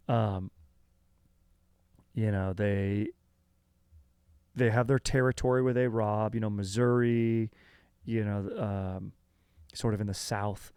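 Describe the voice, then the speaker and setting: A man's voice: lowish voice, fairly even intonation, measured pace, a little mellow, clear, resonant tone, no room sound, studio quality. A man hosting a comedy history podcast, talking loosely and rambling with lots of fillers and casual slang.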